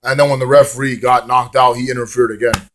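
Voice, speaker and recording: A man's voice: mid-range voice, fairly even intonation, quick pace, a bit bright, a little hiss or hum. A man casually reviewing a wrestling show in a rambling, swear-laced manner, drifting into hummed song bits.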